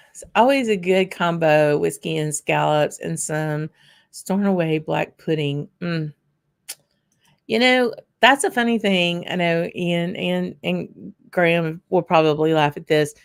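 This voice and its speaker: Woman, whisky host, casual livestream chat, answers viewers by name, lowish voice. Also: slow, creaky, clear, resonant tone. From Louisiana. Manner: chatty, answers viewers by name while tasting.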